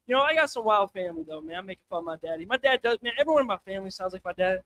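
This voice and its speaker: High-voiced man rambling through stand-up. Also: expressive, very fast, few pauses, sharp tone, dry recording. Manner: loose, rambling, crude with filler "man". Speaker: stand-up comedian. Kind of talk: stand-up comedy set. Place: comedy open mic night at a venue.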